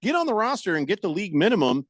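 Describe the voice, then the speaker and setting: A man's voice: high-pitched, very animated, racing, dry recording, clean studio sound. A man hosting a radio show, joking and reading listener comments aloud in casual banter.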